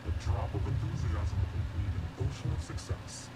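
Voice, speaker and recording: A man's voice: fairly low pitch, moderate pace, lightly acted. A man voicing a muffled masked agent. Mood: cryptic. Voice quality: muffled, breathy. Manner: cryptic, formal, speaks in sayings. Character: mysterious masked agent recruiter. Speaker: game character. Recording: loud game noise behind.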